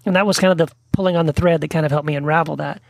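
Animated Texan-raised man telling stories. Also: a little high, very fast, gravelly, dry recording. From Texas. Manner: animated storyteller, acts out quotes. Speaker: podcast guest, author. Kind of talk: casual conversation.

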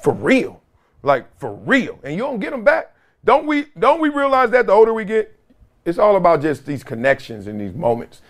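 A middle-aged man hosting his own show, talking in a slightly high voice that swoops all over the place. He goes cocky and loud one moment, low and quiet the next, and laughs a lot as he riffs on viewer comments. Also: wildly swooping pitch, moderate pace. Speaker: show host.

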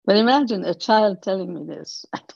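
A woman in her eighties, an interview guest telling stories slowly and thoughtfully, laughing softly now and then. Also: mid-range voice, creaky, breathy edge, no room sound, dull audio. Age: 80s. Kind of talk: storytelling in conversation.

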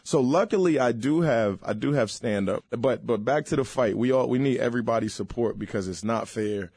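A comedian talking in a casual interview, loose and slangy with lively restarts, recorded on a studio mic. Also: male voice, mid-range voice, a little fast, slightly rough, dry recording. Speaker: comedian guest.

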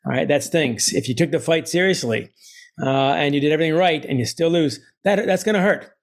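A middle-aged man, an author speaking as a guest, telling stories in an animated way and laughing often. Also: a little high, fairly quick, creaky. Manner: energetic, quotes others in put-on voices, laughs often. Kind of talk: animated storytelling interview.

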